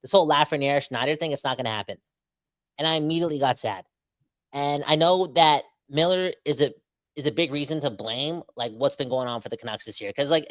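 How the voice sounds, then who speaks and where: A man in his thirties co-hosting a sports podcast, given to excitable, exaggerated ranting. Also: a little high, dry recording. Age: 30s. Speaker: podcast co-host. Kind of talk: emotional sports podcast chat.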